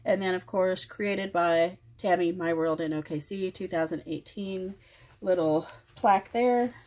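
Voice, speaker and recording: A woman hosting her own craft channel, showing a finished project page by page in plain, unhurried commentary made of short phrases. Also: lowish voice, a little mellow. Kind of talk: casual show-and-tell walkthrough.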